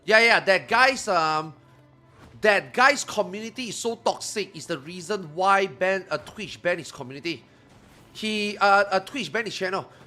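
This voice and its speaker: A man streaming games live, chatting casually and ranting with lots of swearing, getting loud when worked up. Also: high voice. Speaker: gaming streamer.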